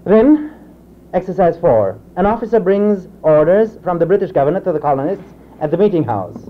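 A man's voice: sits high, big pitch swings, moderate pace. A man giving an academic lecture, hesitant, with many fillers and restarts. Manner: reads example drill sentences aloud in a raised voice. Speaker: professor giving a convocation lecture. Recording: tinny lo-fi 1960s reel-to-reel tape with faint hiss.

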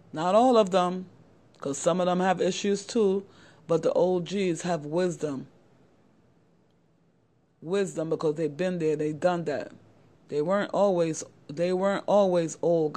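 A middle-aged woman who hosts a channel speaks straight to the camera in a motivational talk, giving young men earnest, repetitive advice and often calling them "guys." Her voice is on the low side and dark, with a steady tone and an unhurried pace.

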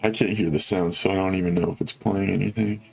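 A man's voice: low voice, steady tone, quick pace, creaky, husky, soft background music. A young man hosting a video game let's play, chatting casually and upbeat with viewers, full of fillers. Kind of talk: casual gameplay commentary.

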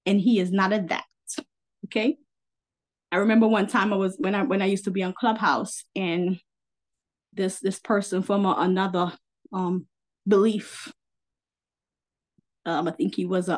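A woman preacher delivering an informal livestream sermon, emphatic and fiery, repeating key lines and checking in with her listeners for agreement. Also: lowish voice. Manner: fiery and indignant, with bursts of laughter.

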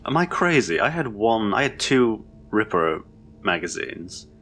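A man's voice: fairly low pitch, big pitch swings, a little slow, fairly bright tone, slight background noise. A man giving rambling, confused, sweary commentary as he plays a horror game. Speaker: let's play host. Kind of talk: gameplay commentary.

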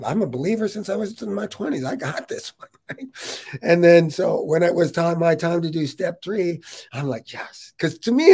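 A middle-aged man hosting a podcast, telling a personal story in a casual, animated way and saying "dude" often. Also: fairly high pitch, breathy edge. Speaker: podcast host. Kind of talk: casual interview chat.

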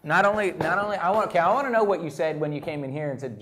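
A man hosting a talk show, asking questions in a relaxed, loose, conversational way. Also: a little high, very fast. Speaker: host. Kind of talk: casual interview chat.

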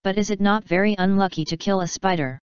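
A woman's voice: medium pitch, quick pace, clear, resonant tone, dry recording, lightly acted. A woman voicing a curious, kind young boy who asks earnest questions. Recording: slightly dull, dry recording.

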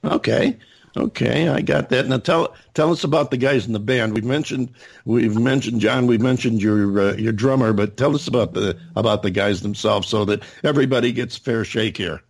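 Husky-voiced male podcast host. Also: mid-range voice, moderate pace. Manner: hesitant, many fillers and restarts. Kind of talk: casual interview.

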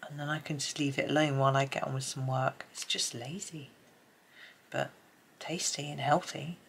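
A middle-aged woman with a British accent talks her way through a colouring session in a loose, rambling way. Her voice sits low, with a gravelly edge. She often trails off into near-murmurs. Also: fairly even intonation, moderate pace, slight background noise. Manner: soft-spoken, rambling, drifts into murmurs. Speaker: colouring channel host. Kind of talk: casual chat while colouring.

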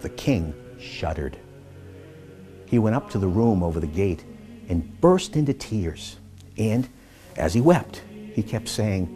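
A man reading scripture aloud, expressive, rising and falling as he voices the quoted speakers. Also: fairly low pitch, takes it slowly, pauses often, soft background music. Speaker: scripture reader.

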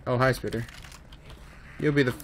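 A man giving casual let's-play commentary on his own gameplay, muttering asides and breaking into excited yelps. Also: mid-range voice, normal speed, slight background noise. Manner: running commentary that swings from mumbling to excited yelps. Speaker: gaming video host.

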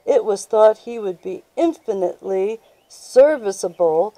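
A woman reads aloud from a history book at a very unhurried pace. Her tone is deep, dark and mellow. The recording is dry and close, with no room sound. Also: lively intonation, dry recording, low-quality recording. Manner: unhurried, plain reading voice. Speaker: reader of books aloud.

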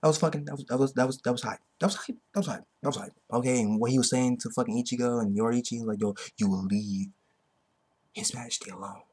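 A man with a husky, breathy voice rants through a comic-chapter reaction, cursing nonstop and doubling back on his words. He swings from loud outbursts to low mutters. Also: very fast, hardly any pauses. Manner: excitable, heavily profane, repetitive. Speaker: manga chapter reviewer. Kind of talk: ranting reaction commentary.

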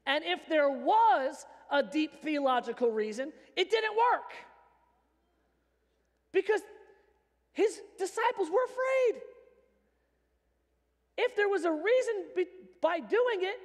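A man preaching a sermon as pastor, animated and joking in a conversational way. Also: very high-pitched, measured pace, pauses often. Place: church sanctuary. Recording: long reverb of a church hall.

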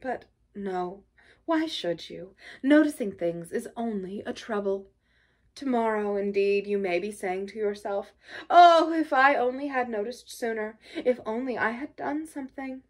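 A woman voicing a sly male toad who plays at being gravely ill, speaking faintly and with drooping sighs. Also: high-pitched, expressive, measured pace, a bit bright, pitched above the performer's own voice. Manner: faint, drooping, sighing delivery. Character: feeble self-pitying male toad, sly and languid.

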